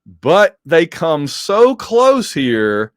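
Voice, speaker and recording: A man casually reviewing a comic book issue, animated and digressive, with joking asides. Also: on the high side, drawn-out words, clear, resonant tone, dry recording, studio quality. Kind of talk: casual commentary.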